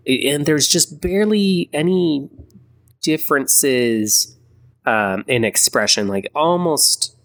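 A man co-hosting a casual chat about a comic, with dry deadpan jokes and comments on the drawing. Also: on the high side, slow. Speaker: podcast co-host.

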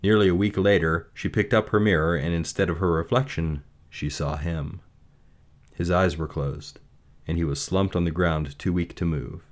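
Deep-voiced, measured male storyteller. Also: fairly even intonation. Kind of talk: storybook reading and reflection.

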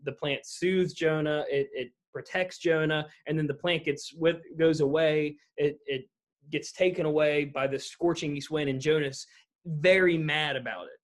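A man's voice: on the high side, normal speed. Man retelling a Bible story casually. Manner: animated storyteller, paraphrasing scripture conversationally. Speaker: church leader in a podcast discussion.

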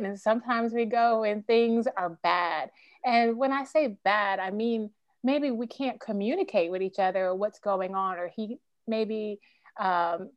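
A woman's voice: medium pitch, no echo. A middle-aged woman speaking earnestly and emotionally as a podcast guest. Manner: earnest, emotional, faith-driven storytelling. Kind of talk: candid interview conversation.

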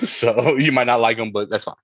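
A man's voice: mid-range voice, normal speed, fairly bright tone, breathy edge, no room sound, muffled recording. A man co-hosting a podcast, chatting casually and rambling with lots of fillers and restarts. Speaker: podcast co-host.

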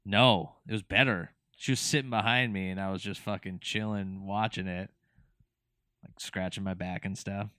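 A man with a low, smooth voice chats casually on a podcast, drifting along in a relaxed, rambling way. The sound is dry and close to the mic. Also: normal speed, dry recording. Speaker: podcast co-host. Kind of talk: casual chat.

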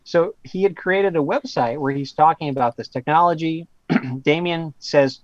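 A man's voice: a little high, no room sound, lo-fi sound. A male author in casual conversation, telling a long story in a rambling way with many asides. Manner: rambling, with fillers and quick asides. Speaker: author guest.

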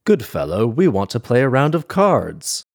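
A man's voice: medium pitch, big pitch swings, normal speed, vocal fry, a little mellow, pitched above the performer's own voice. A man voicing a pair of whiny, freezing black cats with a screechy, whining delivery. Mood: coaxing.

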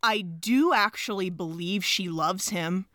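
A woman co-hosting a podcast, chatting about a film with expressive, laughing reactions. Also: medium pitch, measured pace, no room sound, studio quality. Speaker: podcast co-host. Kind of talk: casual chat recapping a film.

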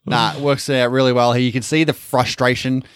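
A man co-hosting a podcast in casual film chat, animated and swearing, bursting into quoted lines. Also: medium pitch, fairly quick, clear, resonant tone, dry recording, studio quality. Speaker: podcast co-host.

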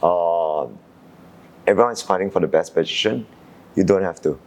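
A young man from Singapore, an Olympic sailor, calmly recalling his qualifying race in an interview, thoughtful with frequent fillers. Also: deep voice, moderate pace, long pauses. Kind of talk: reflective interview answers.

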